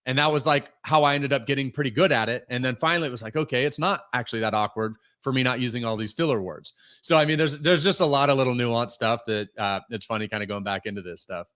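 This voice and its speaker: A man's voice: medium pitch, fast, hardly any pauses, fairly bright tone. A man talking casually as a podcast guest, telling stories full of "like" fillers. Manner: storytelling, many fillers like "like".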